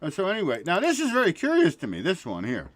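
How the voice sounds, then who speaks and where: A man hosting a casual livestream, excitable, swearing and laughing often, trailing off mid-sentence. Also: sits high, fast. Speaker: show host.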